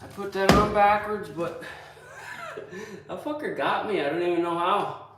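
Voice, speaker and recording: In an echoey, windowless building under construction, a male contractor vlogs casually as he works, complaining and swearing to himself and viewers. His voice is high and steady in tone, at a normal speed. The mic sits at a distance and picks up faint noise.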